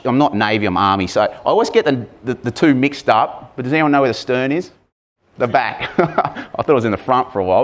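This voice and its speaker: A man gives a sermon in a relaxed, conversational way, at a mid-range pitch. He is animated and chatty and keeps turning to the congregation with questions. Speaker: preacher.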